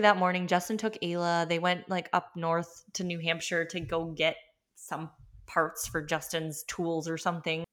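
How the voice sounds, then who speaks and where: A woman's voice: lowish voice, a bit bright. A young woman telling her birth stories in a candid, chatty way, with many filler words and open emotion. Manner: emotional, openly honest. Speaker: podcast host. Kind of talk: candid personal storytelling.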